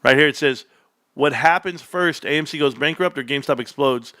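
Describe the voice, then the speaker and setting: Man, excitable livestream host, bright forceful voice, dry close sound, reads numbers then shouts. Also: on the high side, a little fast, no room sound. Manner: excitable, reads figures aloud, jumps to shouts. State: out of breath. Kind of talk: live reaction to earnings report.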